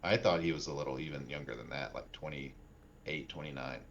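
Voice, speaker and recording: A man co-hosting a casual sports podcast, talking in a relaxed, rambling way with plenty of fillers. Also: rumbling low, moderate pace, creaky. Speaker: podcast co-host. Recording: dull lo-fi mic.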